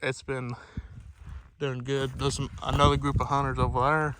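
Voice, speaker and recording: A man's voice: medium pitch, level tone, moderate pace. A man vlogging from a duck hunt outdoors by a lake, shivering from the cold and rambling with plenty of fillers. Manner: plain, rambling, with many fillers. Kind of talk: casual outdoor vlog. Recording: outdoor wind and background noise.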